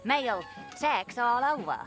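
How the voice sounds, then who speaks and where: An actress playing a witty, loquacious 1930s film star with a transatlantic accent, rattling off screwball banter. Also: female voice, a little high, very animated, unhurried, a bit bright, soft background music. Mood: mocking. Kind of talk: film drama dialogue.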